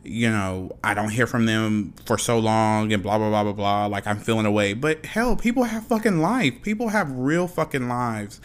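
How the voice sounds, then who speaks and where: A man's voice: on the low side, expressive, moderate pace, few pauses. A man hosting a solo podcast, ranting frankly and passionately, swearing often and repeating himself. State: dry mouth. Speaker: podcast host.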